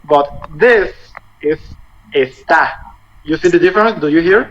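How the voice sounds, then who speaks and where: A man in his twenties teaching a language lesson over a video call, halting and often rephrasing as he explains. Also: fairly high pitch. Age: 20s. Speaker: Spanish teacher. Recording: muffled video call audio with faint noise.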